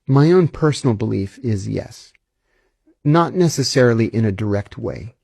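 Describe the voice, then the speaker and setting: A man guesting on an interview, formerly an intelligence officer, tells animated stories and performs the dialogue he's quoting. He has a medium-pitched, animated voice at normal speed that sounds gravelly, husky, and a little mellow. No room sound comes through.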